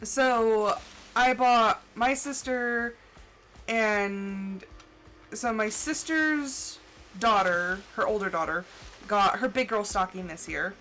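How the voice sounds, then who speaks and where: A woman's voice: mid-range voice, a little hiss or hum. A woman game streamer chatting casually with her viewers, telling stories and laughing between bits of play. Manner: chatty, storytelling with laughs and animated quoted voices. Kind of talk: casual live-stream chat.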